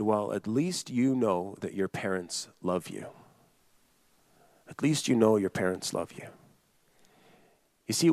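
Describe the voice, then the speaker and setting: A man's voice: medium pitch, no room sound. Earnest male preacher, dry sound. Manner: earnest, repetitive preaching with emphatic restatements and direct address. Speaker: pastor. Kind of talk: sermon.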